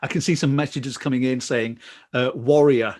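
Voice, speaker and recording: Male host, gentle and hesitant, lots of fillers, dry close sound over a video call. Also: mid-range voice, fairly even intonation, moderate pace, dry recording. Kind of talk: hosting a memorial conversation.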